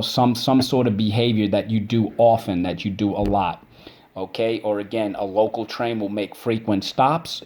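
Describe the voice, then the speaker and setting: A man's voice: fairly low pitch, a little mellow. A man teaching a vocabulary and spelling lesson. He breaks words into syllables and checks in with "okay?" after each point. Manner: drawn-out syllable drills.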